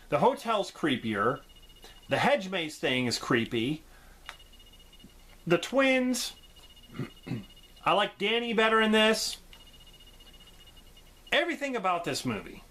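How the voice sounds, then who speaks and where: Animated high-voiced man reviewing movies. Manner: enthusiastic, laughs often, acts out quotes. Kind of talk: casual movie review vlog.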